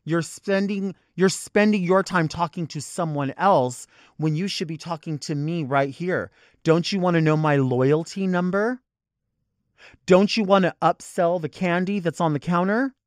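A man hosting a podcast, ranting comedically in an animated, profane way about everyday annoyances. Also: high voice, a little slow, dry recording, clean studio sound. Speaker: podcast host. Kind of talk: comedic rant.

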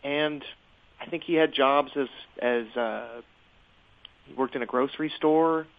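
A man in a casual podcast conversation, remembering a friend as a guest and talking haltingly with many fillers and restarts. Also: mid-range voice. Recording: tinny phone-like line.

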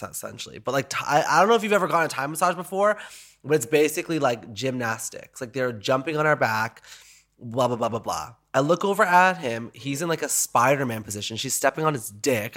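A man hosting a podcast in casual, jokey, animated chat, swearing freely. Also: medium pitch, fairly quick. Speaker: podcast host.

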